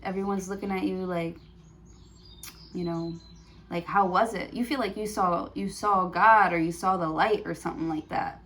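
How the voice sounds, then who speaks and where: A woman's voice: fairly low pitch, fairly even intonation, normal speed, fairly bright tone, slight background noise. A woman giving a prerecorded tarot reading, thinking aloud with many fillers and restarts. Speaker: tarot reader.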